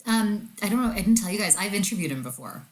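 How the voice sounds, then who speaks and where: A woman's voice: medium pitch, expressive, fast, crowd noise, poor audio. A woman journalist, a guest on a podcast, telling a story in casual chat and acting out the people she quotes.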